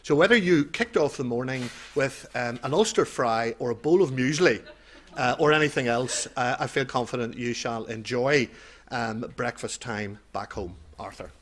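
A man's voice: medium pitch, normal speed, slight background noise. A man giving a formal, courteous introduction of a lecturer, with some fillers. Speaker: event chair introducing a speaker.

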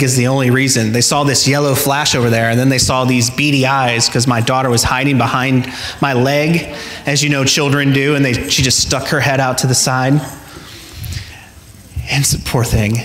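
A male pastor delivers a sermon in a relaxed, conversational manner, talking straight to his congregation. His mid-pitched voice rings through a large church hall with long reverb. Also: moderate pace. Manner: conversational storytelling, addresses the congregation directly. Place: church sanctuary.

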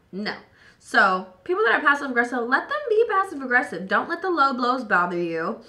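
Young woman vlogger, tipsy and slightly hoarse, bright-voiced, chatty and profane. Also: on the high side, lively intonation, normal speed. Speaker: beauty vlogger. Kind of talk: tipsy casual chat while doing makeup.

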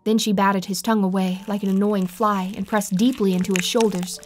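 A woman narrating a horror story in the first person with an even, steady delivery. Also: mid-range voice, a little fast. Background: faint music.

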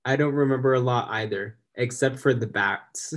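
A man's voice: mid-range voice, moderate pace, natural voice. A young man reading the part of a young girl telling her cousin a story. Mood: lively.

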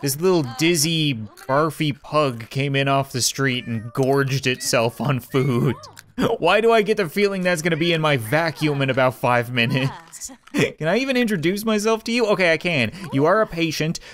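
A man's voice: a little high, lively intonation, normal speed, fairly bright tone. A young man commentating a life-simulation game in a casual, sarcastic way, laughing often. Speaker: gaming commentator.

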